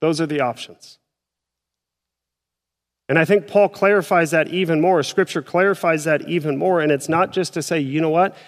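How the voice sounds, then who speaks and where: A man's voice: fairly high pitch, moderate pace, pauses often, big-room sound. A male pastor preaching a sermon in a church, speaking in a conversational way and acting out his listeners' doubts. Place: church auditorium.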